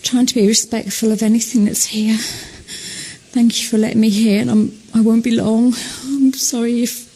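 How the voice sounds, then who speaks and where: A woman's voice: fairly high pitch, level tone, moderate pace, mellow. A frightened woman near tears, speaking in panicked breathless bursts and shaky whispers while alone underground. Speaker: radio show participant in haunted mine. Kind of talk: live on-location reporting.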